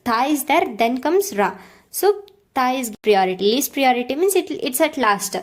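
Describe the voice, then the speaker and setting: A woman's voice: high-pitched, very animated, moderate pace. A woman teaching a language lesson, repeating words and checking in with "okay" and "right.". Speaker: Kannada teacher. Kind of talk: slow explanatory lesson.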